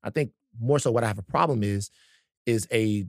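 A man's voice: lowish voice, normal speed, dry recording, clean studio sound. A man co-hosting a podcast in casual conversation, talking in a stop-start way with many fillers and restarts. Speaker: podcast co-host.

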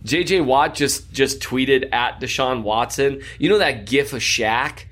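A man's voice: mid-range voice, unhurried, a bit bright. A man co-hosting a casual sports podcast, chatty and jokey, rambling through restarts. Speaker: podcast co-host.

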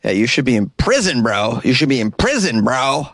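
A man's voice: medium pitch, big pitch swings, moderate pace. Sarcastic man with a Boston accent. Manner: sarcastic, mocking, slips into silly voices. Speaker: comedian podcast host. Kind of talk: comedic news monologue. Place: small closet.

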